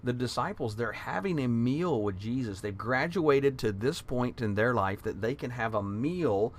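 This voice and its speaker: A man's voice: mid-range voice, lively intonation, normal speed, a little hiss or hum. Earnest man teaching Bible class. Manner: earnest, conversational, retells scripture with quotes.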